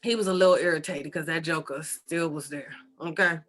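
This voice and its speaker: A woman, a spiritual teacher, telling a story in an animated, repetitive, conversational way. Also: low-pitched, a little fast. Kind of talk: storytelling talk.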